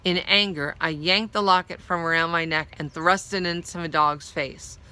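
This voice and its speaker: Woman reader, measured and expressive, narrating a children's story; very bright tone. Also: fairly low pitch, smooth, rough recording. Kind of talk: reading a children's novel aloud.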